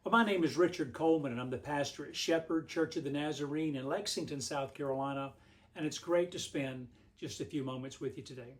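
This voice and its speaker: A man's voice, pitched a little high for a man. He delivers a short devotional like a pastor, telling a homespun story in a relaxed, meandering way. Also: fairly quick. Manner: homespun, rambling storyteller with frequent restarts.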